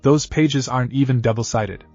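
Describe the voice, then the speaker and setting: A man's voice: medium pitch, moderate pace, a little mellow, no echo, soft background music, lightly acted. Boastful older ninja uncle, blustering, narrator's own male voice. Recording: dull lo-fi audio.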